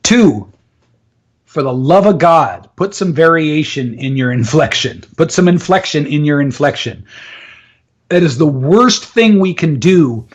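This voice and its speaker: A man's voice: fairly high pitch, animated, unhurried. Emphatic man coaching on public speaking. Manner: emphatic, explains with instructive asides. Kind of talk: casual live interview.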